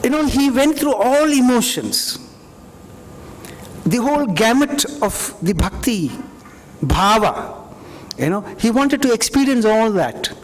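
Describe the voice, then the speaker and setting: His very high voice swings widely in pitch, and he's unhurried. He's giving a university lecture in a lecture hall, taking audience questions, reflective and conversational with plenty of "you know." The hall is reverberant.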